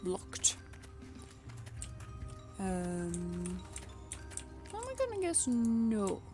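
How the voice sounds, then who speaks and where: Slow-talking woman streamer thinking aloud. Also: mid-range voice, wildly swooping pitch, over music. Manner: thinks aloud, playful, chats with viewers. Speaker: VTuber streamer. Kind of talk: casual let's-play commentary.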